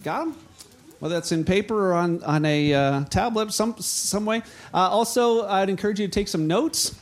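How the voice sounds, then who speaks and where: A man with a high, light voice preaches in an easygoing, conversational way. He often restarts his sentences, drops in small jokes, and brings the Bible scene to life by acting out what the figures say. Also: moderate pace. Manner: frequent restarts and fillers, light humor. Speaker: pastor. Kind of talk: sermon.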